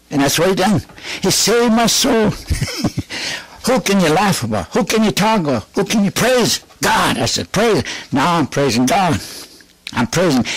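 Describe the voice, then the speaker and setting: A man's voice: mid-range voice, fairly bright tone, breathy edge, no room sound. A man giving a fervent spoken religious testimony. He laughs often between phrases and repeats key phrases with rising emphasis.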